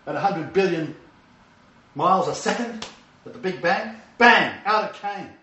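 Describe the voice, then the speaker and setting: An older male preacher delivering a sermon with a slightly high voice. He lurches from emphatic, raised outbursts to soft, low murmurs. The sound is roomy and distant, picked up from across a reverberant space. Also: expressive, a little slow, a little hiss or hum. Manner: dramatic swings between loud emphatic bursts and hushed low asides. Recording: roomy, distant, dull-sounding hall recording.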